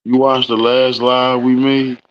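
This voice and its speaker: A man co-hosting a live stream cuts in with short remarks and slow questions. His voice sits at a middle pitch, and the sound is dull and lo-fi. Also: little pitch movement, slight background noise. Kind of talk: casual chat.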